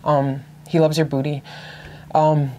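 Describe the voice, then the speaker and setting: A woman's voice: low voice, flat delivery, a little slow, mellow, slight background noise. A woman giving a casual tarot reading to camera, gushing and effusive, swearing freely. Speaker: tarot reader.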